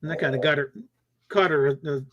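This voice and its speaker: A man's voice: a little high, brisk, a bit bright, highs cut off. Rambling man on a casual stream. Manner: rambling, many fillers and restarts. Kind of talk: casual chat.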